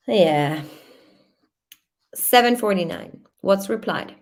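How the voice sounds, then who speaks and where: Host type: unhurried woman with a lowish voice, reads records and muses aloud between them. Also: darkish tone. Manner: reads timeline aloud with hesitant asides and fillers. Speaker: true crime channel host. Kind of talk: reading and commenting on case records.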